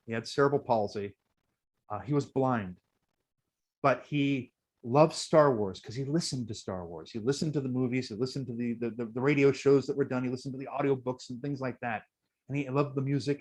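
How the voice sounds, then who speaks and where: A man's voice: medium pitch, a little mellow, poor audio. A man guest in a casual interview, telling heartfelt stories with many fillers and restarts. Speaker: guest, costume performer.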